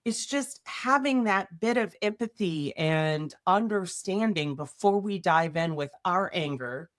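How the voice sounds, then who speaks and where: Chatty woman podcast host, lowish voice. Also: animated, a little slow. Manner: conversational, tags points with "right?". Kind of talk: casual podcast explanation with workplace examples.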